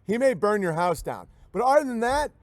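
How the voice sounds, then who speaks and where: A man's voice: high-pitched, big pitch swings, a little fast, dry recording, pitched above the performer's own voice. A man voicing a lazy, boastful, unreliable handyman who rambles through excuses with mock bravado.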